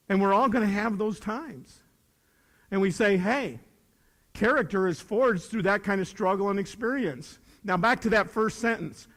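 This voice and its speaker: A middle-aged man with a high voice addresses students in a folksy, animated way, slipping into little voices for the dialogue he acts out. His words ring with the long reverb of a large hall. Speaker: teacher giving a talk. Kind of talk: motivational speech to students.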